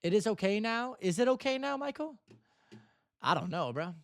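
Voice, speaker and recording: A young male streamer with a slightly higher-pitched voice, answering viewer messages in loose, teasing chatter. He keeps up a mock-serious tone and caps his sentences with "bro." The sound is close and dry, with no room echo at all. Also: very animated, normal speed. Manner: teasing, mock-earnest, ends lines with "bro". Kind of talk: casual livestream chat reading viewer messages.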